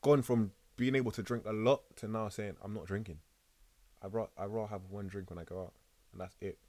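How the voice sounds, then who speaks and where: Brief guy, co-host, relaxed teasing banter, slightly low voice. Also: brisk. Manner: laid-back, teasing, street slang. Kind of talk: casual chat.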